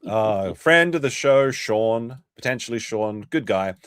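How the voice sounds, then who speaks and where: A man hosting a live-stream commentary show, casual and profane, mocking his subjects and often breaking into loud laughter. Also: fairly low pitch, animated, a little slow, smooth, dry recording, studio quality. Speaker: livestream commentary host.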